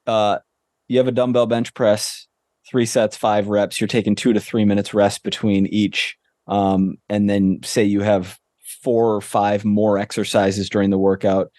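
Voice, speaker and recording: A man's voice: on the low side, little pitch movement, unhurried, a little mellow, no echo. A young man co-hosting a fitness podcast, methodically explaining training in a dry, matter-of-fact way. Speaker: podcast co-host. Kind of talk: casual explaining.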